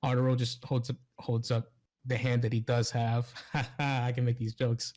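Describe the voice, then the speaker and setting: Male game master, halting narration with fillers, on a voice call. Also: mid-range voice, level tone, darkish tone. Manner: halting, many fillers, laughs often.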